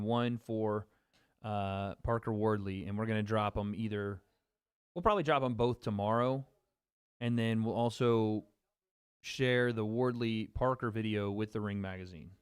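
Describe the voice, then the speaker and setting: A man's voice: on the low side, clear, resonant tone, no room sound, clean studio sound. A man hosting a casual livestream, chatting loosely with his viewers, joking and repeating himself. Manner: loose and chatty, talks straight to chat, jokes and repeats himself. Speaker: livestream host. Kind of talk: casual livestream chat reacting to fight chat.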